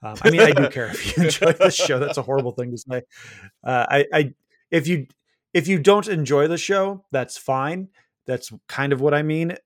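A man hosting a podcast in casual chat, with a self-described monotone and dry jokes, on a close, dry mic. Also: a little high, normal speed, no echo. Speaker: podcast host.

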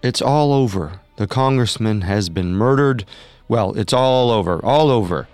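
A man's voice: on the low side, lively intonation, unhurried, a little mellow, no room sound, soft background music. A man acting out a middle-aged cult leader in a dramatized reenactment, preaching and pleading with his followers in a repetitive, sermon-like way. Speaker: voice actor in a reenactment. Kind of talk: dramatized reenactment of recorded speech.

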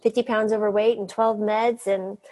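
A middle-aged woman doctor telling lively stories in an interview, laughing often and mimicking the people she quotes. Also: medium pitch, normal speed. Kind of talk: storytelling in an interview.

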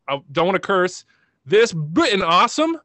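Excitable man with a slightly high voice. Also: normal speed, no room sound. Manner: passionate, excitable, rambling. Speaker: podcast co-host. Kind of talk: emotional podcast chat.

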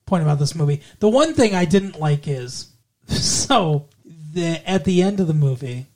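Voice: medium pitch, lively intonation, moderate pace, darkish tone. A podcast co-host talking through a movie in loose, rambling fashion. They swear freely, drift between thoughts and keep slipping into the characters' lines as they retell scenes. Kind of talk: casual movie discussion.

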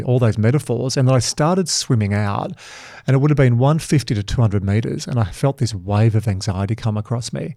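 Guy hosting a podcast, mellow voice, dry recording, tells stories with lots of energy. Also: mid-range voice, brisk, gravelly, no room sound. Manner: animated, vivid storyteller. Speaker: podcast host. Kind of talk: conversational podcast storytelling.

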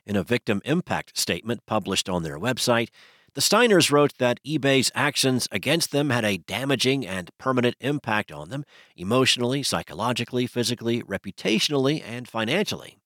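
A man's voice: mid-range voice, no echo. Man reading tech news, dry studio sound. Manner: steady, measured delivery. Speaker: news podcast host.

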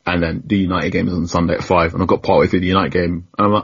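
A young man with a very low, husky voice tells stories in a relaxed, rambling interview. He pokes fun at himself and laughs often. The audio is dull and lo-fi. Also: very fast. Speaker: football journalist, guest. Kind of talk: casual storytelling interview.

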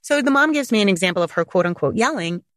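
Speaking quickly in a recording with no room sound, a female podcast host gives parents coaching in an informal monologue. She's animated, and when she quotes people she voices them with big leaps in pitch.

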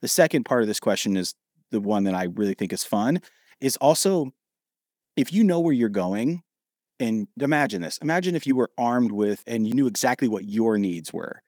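A man from Ohio, a podcast guest, telling lively stories and acting out the dialogue. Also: mid-range voice, moderate pace, dry recording, studio quality. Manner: animated, acts out quoted dialogue. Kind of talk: storytelling in a podcast interview.

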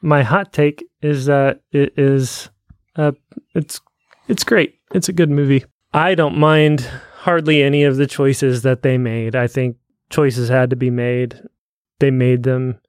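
Easygoing man with a smooth voice. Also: mid-range voice, fairly even intonation, a little slow, no room sound, clean studio sound. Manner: easygoing, hesitant, rambling. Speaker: podcast co-host. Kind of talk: casual film discussion.

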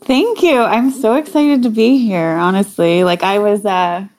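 A woman's voice: mid-range voice, a little slow, a little mellow. Chatty giggly woman guest. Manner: chatty, giggly, with many fillers like "like" and "um". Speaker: guest photographer. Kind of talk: casual interview talk.

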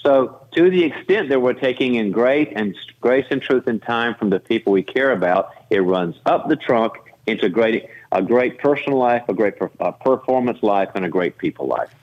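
Lively storytelling man on dull radio. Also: normal speed, hardly any pauses. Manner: animated, acts out quoted voices with pitch jumps. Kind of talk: conversational storytelling interview.

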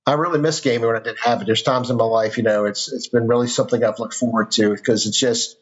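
A man's voice: mid-range voice, steady tone, fast talker. A middle-aged man, a podcast guest, telling a personal story in casual conversation, earnest and rambling with restarts. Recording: dull lo-fi sound.

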